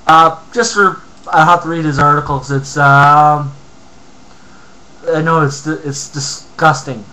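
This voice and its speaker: A man's voice: on the high side, fairly even intonation, unhurried, sharp tone, low-quality recording. A man from Canada ranting angrily on a home vlog, reading comments aloud with lots of profanity and mumbled asides. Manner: angry, profane, heated rant with mumbled asides. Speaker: vlogger.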